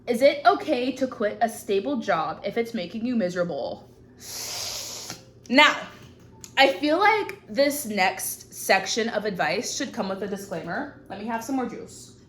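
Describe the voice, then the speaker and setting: A woman's voice: on the high side, sing-song, unhurried, fairly bright tone. A woman hosting her own show, giving frank, profane advice in casual chat to camera from a hot indoor room. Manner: blunt and profane, frank girlfriend-to-girlfriend talk. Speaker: host.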